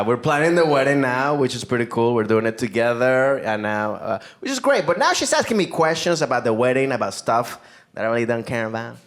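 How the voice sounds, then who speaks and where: Venezuelan-accented stand-up comic. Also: male voice, medium pitch, fairly bright tone. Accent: Venezuelan Spanish. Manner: laid-back, laughs at his own jokes. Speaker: stand-up comedian. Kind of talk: stand-up comedy set. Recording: live stand-up with background noise.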